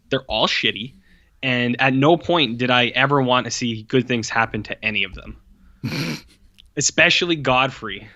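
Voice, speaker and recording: A man's voice: mid-range voice, bright, forceful tone, no room sound, muffled recording. A man co-hosting a podcast, giving a blunt, profane film review and mocking it with quoted voices. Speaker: podcast co-host. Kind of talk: casual film review chat.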